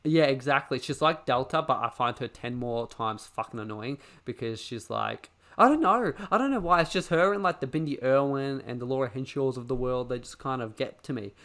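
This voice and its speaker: Podcast co-host: man, casual, sweary, animated rants. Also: mid-range voice, fairly quick, few pauses. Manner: swears a lot, ranting and animated. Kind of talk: casual chat.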